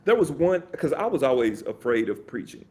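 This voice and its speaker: A man talks casually as a podcast guest. He rambles, restarts himself and fills pauses often. His mid-range voice swoops a lot in pitch. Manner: animated, rambling, many fillers and restarts. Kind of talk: casual chat.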